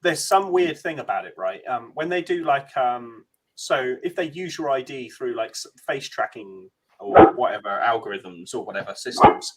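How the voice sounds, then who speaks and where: A man's voice: medium pitch, animated, moderate pace, heavy background noise. A man, chatting casually as a guest on a video call, a bit hesitant.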